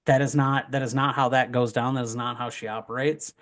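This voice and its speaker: A man's voice: mid-range voice, fairly even intonation, brisk, fairly bright tone. A young man talking in a casual podcast chat, rambling with joking asides and plenty of fillers. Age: young adult. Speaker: wrestling promoter guest.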